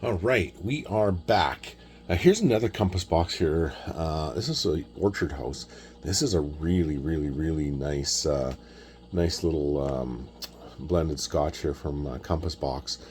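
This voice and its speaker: A man's voice: a bass voice, a little slow, darkish tone. A middle-aged man from Canada chatting casually about his bottles, rambling and repeating words as he tells stories. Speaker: whisky collector vlogger. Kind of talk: casual chat.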